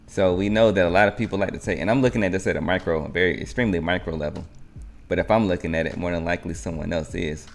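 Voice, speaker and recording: A man's voice: low voice, fast. A man hosting a live trading stream, narrating market moves in a rambling, think-aloud way.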